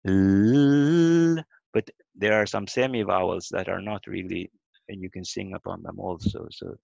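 A man's voice: deep voice, little pitch movement, normal speed, vocal fry, husky, dry recording. A man teaching a language lesson over a video call, explaining step by step and sounding out words letter by letter. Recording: dull lo-fi video call audio.

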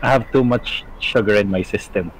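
A wisecracking, excitable man in casual gaming chat with friends. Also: lowish voice, moderate pace, soft background music. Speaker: gaming channel regular. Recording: noisy voice chat.

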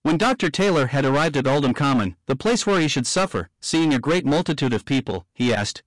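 A man reading an old book of martyrs aloud as steady scripted narration, giving quoted speech a light touch. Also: mid-range voice, brisk, few pauses, dry recording, rough recording. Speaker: audiobook reader.

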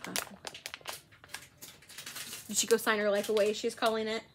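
A woman's voice: medium pitch, completely flat delivery, moderate pace, noisy background. A woman hosting a live shopping stream, chatty and laughing often as she calls out items and bin numbers. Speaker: live-sale host.

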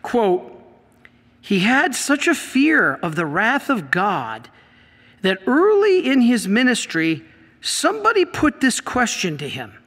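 A man's voice: extremely high pitch, slow pace, in a large hall. A male priest teaching about faith, telling stories with feeling and acting out the voices in them. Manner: animated storyteller, acts out quoted voices; emotional, worked up.

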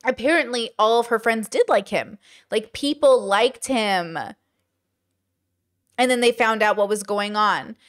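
A woman's voice: fairly high pitch, measured pace. A woman hosting casual commentary, talking in a chatty way with many fillers and rhetorical questions. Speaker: commentary host.

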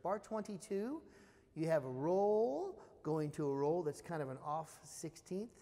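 A man, a percussion lecturer, teaching snare drum études in a relaxed spoken style, singing out rhythms with scat syllables. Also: fairly high pitch, in a large hall. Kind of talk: spoken music instruction.

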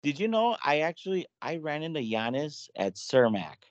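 A man guest telling a story in a casual chat, animated and acting out the dialogue. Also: on the high side, moderate pace, dry recording, lo-fi sound.

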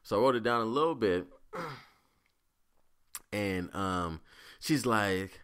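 A man with a low voice hosts a casual solo podcast. He tells rambling, profane stories in an animated way. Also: slow pace, long pauses, smooth. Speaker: podcast host.

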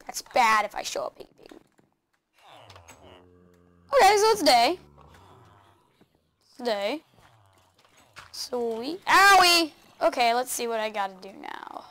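High, bouncy woman gaming host. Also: slow pace, long pauses. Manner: excitable, chatters to game animals, laughs often. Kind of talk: video game let's play commentary.

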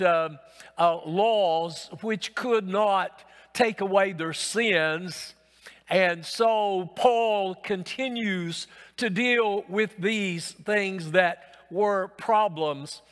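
Pastor guy preaching, slow, lots of uhs, long church-hall reverb trailing after him. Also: high-pitched, a bit bright. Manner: unhurried, with frequent "uh" pauses. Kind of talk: sermon.

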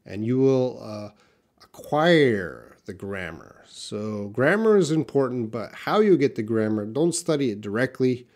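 A man from Canada with a light Canadian accent, middle-aged, teaches English live and answers viewers' questions. He talks slowly at an ordinary pitch and thinks aloud, with frequent uhs and restarts. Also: lively intonation, a little mellow.

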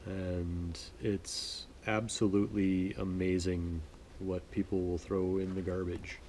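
Deep-voiced laid-back man. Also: flat delivery, takes it slowly, a little mellow, a little hiss or hum. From Manitoba, Canada. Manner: rambling, laid-back, self-deprecating. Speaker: sewing vlogger. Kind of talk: relaxed casual chat.

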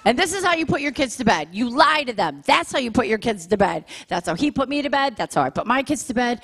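A woman comedian performing a stand-up routine on stage, animated with deadpan punchlines. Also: fairly high pitch, a little fast, hardly any pauses, breathy edge. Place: church comedy venue on stage.

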